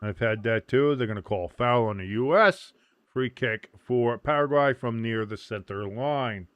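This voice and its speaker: A man's voice: mid-range voice, measured pace, a bit bright, no room sound, lo-fi sound. A man hosting a watch-along stream, calling a soccer match live with loose, joking, profane chatter. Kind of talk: casual live game commentary.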